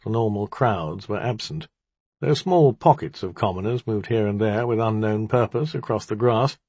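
A man's voice: on the low side, moderate pace, darkish tone, slightly rough, dry recording. A man reading an audiobook, narrating as a wry, boastful male demon in a dry, sardonic tone.

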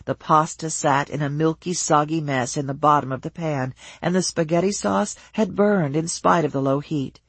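An audiobook narrator reading a novel in an even, measured storytelling voice. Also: medium pitch, slightly rough, no room sound.

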